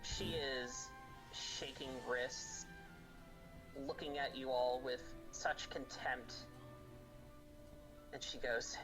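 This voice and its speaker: A man's voice: mid-range voice, steady tone, low-quality recording. A man running a tabletop game as game master, narrating scenes and calling rolls with frequent ums and restarts. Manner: unhurried, full of ums and restarts. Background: faint background music.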